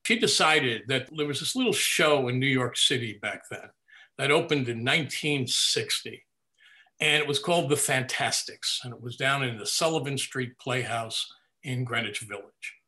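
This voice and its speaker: An older man in an interview, recounting family memories in a lively storytelling way and laughing at his own anecdotes. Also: mid-range voice, moderate pace. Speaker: interview guest. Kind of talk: reminiscing in a conversational interview.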